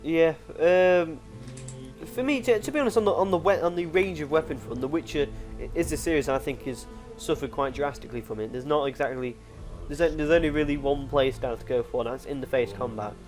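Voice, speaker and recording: A man's voice: a little high, brisk, over music. A young man co-hosting a casual gaming chat, rambling through stories with lots of restarts and "like". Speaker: co-host.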